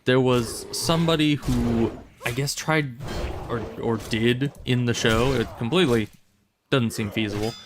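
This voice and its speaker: Brief: male streamer, mid-pitched, wry rambling commentary, faint background noise. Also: a bit bright. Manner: rambling, wry, self-interrupting. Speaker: game streamer. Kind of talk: casual gameplay commentary.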